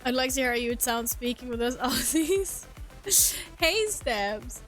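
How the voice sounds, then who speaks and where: A young woman streamer with a slightly high voice talks a little fast and breezily to her viewers as she plays a game. Chatty and playful, she pokes fun at herself, laughs easily, and swears in passing over soft game music.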